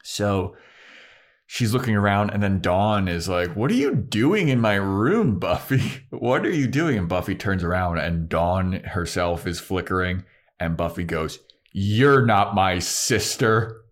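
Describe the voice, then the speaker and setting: Man, deep voice, podcast co-host, casual recap, quotes the characters, swears a lot. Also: unhurried.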